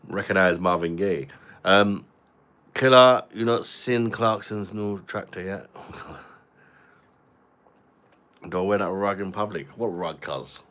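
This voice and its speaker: A man's voice: low voice, slow pace, long pauses, fairly bright tone. A man hosting a casual livestream, reading out viewer comments and joking while reviewing a beer. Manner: laid-back, jokey, drinks and reviews beer. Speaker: livestream host. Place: home live stream.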